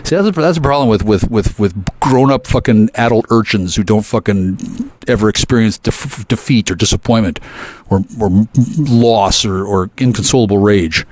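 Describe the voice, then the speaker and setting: A man's voice: lowish voice, normal speed, a little mellow. A man ranting at length to his viewers, profane and aggressive, with frequent stammering restarts. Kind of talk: rambling profane rant to camera.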